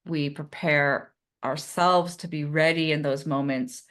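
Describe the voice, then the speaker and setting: A woman hosts a podcast conversation with a low voice. She talks in a personal, chatty way and often trails off mid-sentence. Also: steady tone, a little slow. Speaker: podcast host. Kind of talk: casual conversational interview.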